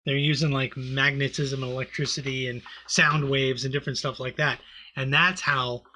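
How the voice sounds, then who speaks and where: A man's voice: medium pitch, steady tone, moderate pace, sharp tone. A man co-hosting a comedy podcast, rambling through a movie recap in casual, profane chat full of fillers. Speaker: podcast co-host.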